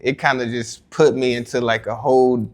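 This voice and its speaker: A man's voice: mid-range voice, steady tone, moderate pace. A man interviewing a guest in a laid-back, slangy way, saying "like" a lot. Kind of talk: casual interview.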